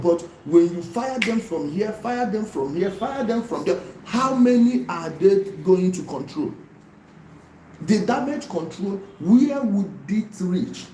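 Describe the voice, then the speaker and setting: Animated Nigerian man on a livestream. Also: sits high, measured pace, reverberant, a little hiss or hum, low-quality recording. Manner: animated, repetitive and pleading, mixing in pidgin. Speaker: YouTube livestream host. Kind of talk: casual livestream commentary.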